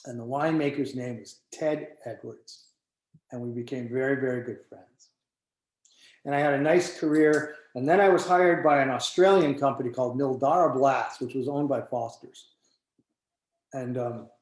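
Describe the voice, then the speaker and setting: An older man in his sixties leads a wine tasting, telling stories with lively energy and acting out the voices of the people he quotes. His voice sits at a middle pitch and carries a roomy echo. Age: 60s. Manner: animated storyteller who acts out quoted dialogue. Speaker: winemaker hosting a tasting.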